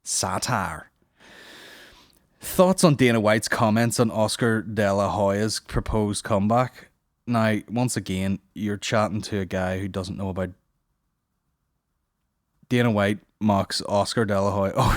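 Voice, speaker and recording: A man's voice: on the low side, steady tone, measured pace, dry recording, studio quality. A man hosting a comedy podcast, rambling through listener questions with lots of swearing. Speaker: podcast host. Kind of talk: casual comedy podcast banter.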